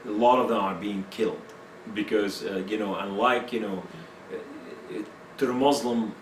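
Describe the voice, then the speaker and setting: A man with a lowish voice gives his personal testimony as an interview guest, speaking broken English with many fillers at normal speed. The mic is distant in an echoey room, with a little hiss or hum.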